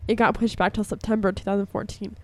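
A young woman hosts a college radio show, chatting in a gushing, filler-heavy way. Her voice is hoarse from a lingering cough. The sound is dry and close, with no room around it. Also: mid-range voice, level tone, fast talker, no room sound. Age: young adult. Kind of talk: casual radio chat. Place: radio studio.

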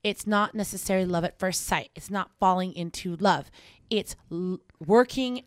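A woman's voice: on the low side, dry recording. Young woman, campus radio co-host, casual reflective talker, dry close sound. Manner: conversational, reflective, quick asides. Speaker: co-host of a college radio talk show. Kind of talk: casual advice chat.

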